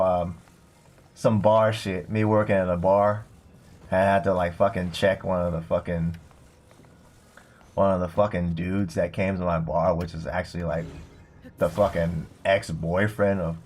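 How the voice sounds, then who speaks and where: A man's voice: deep voice, fairly even intonation, normal speed. A young man streaming a game, telling a long rambling story full of swearing and filler words. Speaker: streamer and bartender. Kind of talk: casual storytelling while livestreaming a game.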